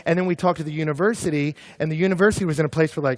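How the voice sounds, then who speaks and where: A young man preaches a sermon to college students, animated and storytelling, at times climbing into shouting as he acts out scenes. His voice sits a little high. The sound is dry and close. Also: rapid-fire, few pauses, no room sound. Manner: animated, builds to shouting in comic retellings. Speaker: pastor. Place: campus ministry gathering.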